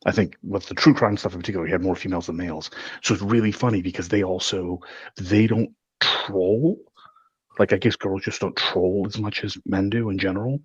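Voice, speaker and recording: A tipsy man joins in casual panel banter, loose and quick to swear. His voice sits low with a husky grain. The sound is dry and close. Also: steady tone, no echo, muffled recording.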